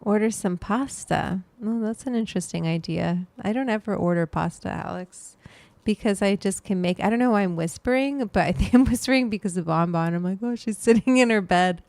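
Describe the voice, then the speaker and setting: A woman's voice: medium pitch, fairly quick, gravelly, darkish tone, no echo. A woman hosting a casual livestream, rambling to her viewers and her pet as she goes. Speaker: livestream host.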